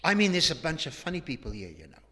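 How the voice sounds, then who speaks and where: A man delivering a sermon as a story, earnest and emphatic, swinging between hushed passages and forceful rises. His voice is fairly high and bright, with an edge to it. A long reverb trails each phrase, as in a big church. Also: wildly swooping pitch, quick pace. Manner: earnest, emphatic, with frequent restarts and hushed drops. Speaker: preacher.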